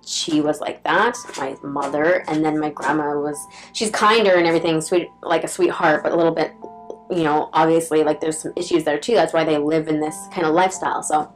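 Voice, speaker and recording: A young woman with a notably low, deep voice recounts a personal story to the camera. She rambles casually, leaning on "like" and swearing bluntly. Faint music sits softly behind her. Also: poor audio. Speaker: vlogger.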